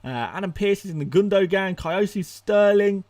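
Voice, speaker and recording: In a high voice, a young fantasy football streamer races through viewer questions on his live broadcast. He's giddy and quick to laugh, and at times he gets out of breath.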